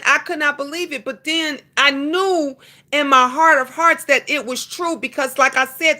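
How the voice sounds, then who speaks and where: A woman's voice: high-pitched, moderate pace, sharp tone. A woman hosting a casual live stream, preaching to her viewers, repeating herself for emphasis, calling them honey and thanking commenters by name. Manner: emphatic repetitions, calls listeners honey.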